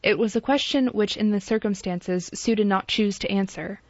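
A woman's voice: mid-range voice, no room sound. Woman narrating a classic novel, dull sound. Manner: measured, formal storytelling. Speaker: audiobook narrator. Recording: dull dry lo-fi recording.

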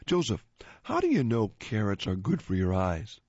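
A man hosting a joke segment, reading listener jokes aloud in an animated way and chuckling after the punchlines. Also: lowish voice, moderate pace, no room sound. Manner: animated, switches voices for joke characters. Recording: dull, dry lo-fi recording.

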